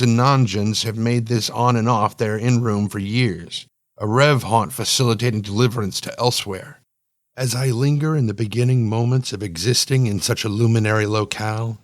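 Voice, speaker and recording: A man's voice: medium pitch, no room sound, studio quality. Man reading a playful first-person story. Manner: playful, slangy, animated on exclamations. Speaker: story narrator.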